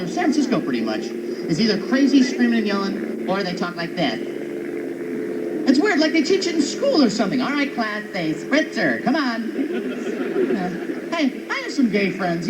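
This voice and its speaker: A man doing a stand-up routine on an outdoor stage, animated and chatty with the crowd. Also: high-pitched. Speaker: stand-up comedian. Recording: muffled live recording with background noise.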